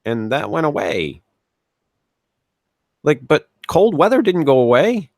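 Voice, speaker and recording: A man's voice: a little high, sing-song, slow pace, a little mellow, dry recording, clean studio sound. A man co-hosting a casual podcast chat, rambling with frequent restarts and plenty of swearing. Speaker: podcast co-host.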